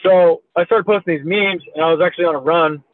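With a slightly high voice and a quick pace, a man in his thirties, a podcast guest known for memes, rambles through a story, swearing and saying "like" and "you know" constantly. No room sound is audible, but the recording is tinny and phone-like.

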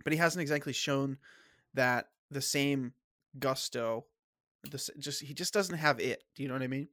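A man hosting a casual sports podcast, opinionated and halting, often restarting his sentences, with a bit of a cough. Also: mid-range voice, a bit bright, no echo, clean studio sound. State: coughing, clearing throat. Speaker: podcast host.

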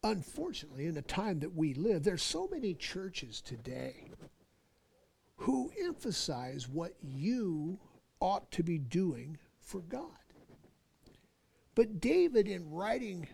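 A man preaching a sermon in an emphatic way, repeating key phrases and slowing down to stress words. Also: on the high side, big pitch swings, vocal fry, darkish tone, a little hiss or hum.

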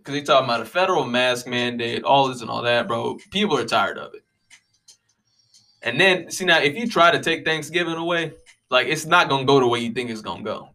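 A man's voice: mid-range voice, pushed and bright. A young man hosting a podcast alone, rambling in a casual, profane way with a lot of "you know what I mean.". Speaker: podcast host. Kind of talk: casual solo monologue.

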